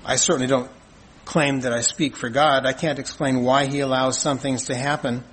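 Husky man preaching a measured sermon. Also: medium pitch, steady tone, fairly bright tone, poor audio. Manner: earnest, measured preaching with rhetorical questions. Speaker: pastor.

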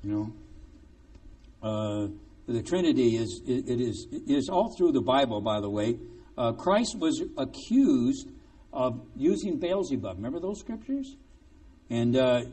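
A man preaching a sermon in a lively, conversational way, with joking, sarcastic asides. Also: mid-range voice, moderate pace, distant mic.

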